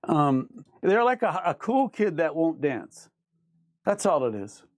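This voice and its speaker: On a live show, a host reads viewer comments out loud and argues with them in a repetitive, emphatic rant. He speaks slowly in a sing-song voice on the high side, and there's no room sound.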